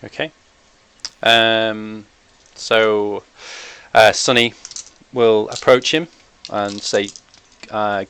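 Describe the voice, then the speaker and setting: A man's voice: on the low side, level tone, extremely slow, long pauses, fairly bright tone, clear, resonant tone. A man playing a tabletop role-playing game, speaking in character in a hesitant, stumbling way with many fillers. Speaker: player.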